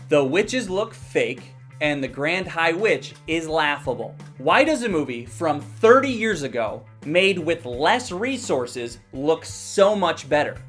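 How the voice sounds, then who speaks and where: A man's voice: fairly high pitch, a bit bright. A young man giving a heated, profane rant as a movie reviewer, sounding exasperated and blunt.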